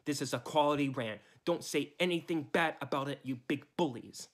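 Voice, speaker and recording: A man's voice: a little high, a little fast. A man ranting in his own videos, whiny, aggrieved and repetitive. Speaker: YouTuber being reviewed.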